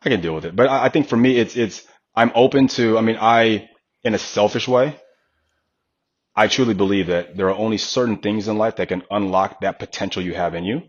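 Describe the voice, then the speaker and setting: A man's voice: on the low side, fairly quick, muffled recording. A man in his thirties, a fitness coach, talking in a casual podcast conversation and acting out the voices of the people he quotes. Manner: animated storyteller, acts out quoted voices.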